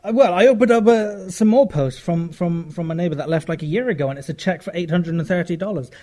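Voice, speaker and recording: British male podcast co-host, higher voice, crude rambling humour. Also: fast, dark tone. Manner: rambling, self-mocking anecdotes with crude jokes. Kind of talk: casual comedy chat.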